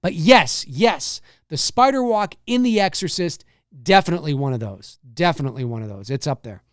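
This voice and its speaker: This is a man hosting a live-streamed talk show, chatting off the cuff with viewers and reading their comments. His delivery is rambling, with frequent restarts, and his pitch moves a lot. The sound is dry and close. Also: expressive, no room sound. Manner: rambling, many restarts and repeated phrases; drops into low, slow impressions and squeaky high mimicry.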